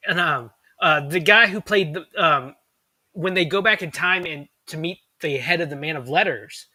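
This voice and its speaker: Bright, rambling male podcast host. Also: a little high, moderate pace, no room sound. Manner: rambling, enthusiastic, many fillers and restarts. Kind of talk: casual chat.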